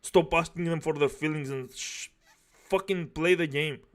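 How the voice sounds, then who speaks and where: A man's voice: fairly high pitch, moderate pace. Scornful, foul-mouthed male reactor. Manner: harsh, scornful insults. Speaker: reaction streamer. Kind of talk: commentary.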